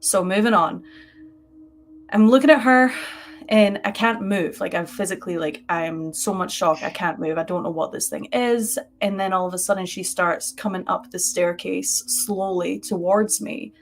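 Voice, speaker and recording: Animated woman telling a ghost story. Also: fairly low pitch, normal speed. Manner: animated, lots of "like" fillers. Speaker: podcast co-host. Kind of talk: casual live-stream storytelling. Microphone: webcam on a live stream.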